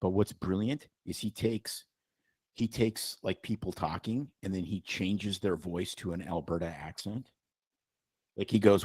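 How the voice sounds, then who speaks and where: A man's voice: sits low, a little slow, darkish tone, husky, no room sound. A man co-hosting a casual podcast, telling rambling jokes and stories. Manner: joking, rambling storyteller. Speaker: podcast co-host, doctor. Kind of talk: casual chat.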